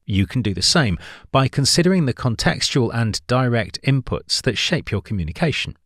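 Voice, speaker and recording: A man reading a scripted book summary in a clear, measured way, lifting his voice on signpost words. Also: mid-range voice, sing-song, a bit bright, dry recording, clean studio sound. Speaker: narrator.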